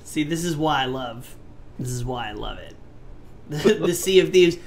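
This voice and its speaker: A man's voice: a little high, animated, normal speed, crowd noise. A man co-hosting a casual gaming podcast, talking in a playful, teasing way and drawing words out for emphasis. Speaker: podcast co-host. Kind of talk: casual chat.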